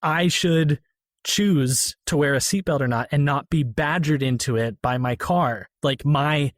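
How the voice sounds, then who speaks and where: A man chatting casually about a film on a podcast, animated, now and then lowering his voice to quote lines. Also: a little slow, dry recording, studio quality.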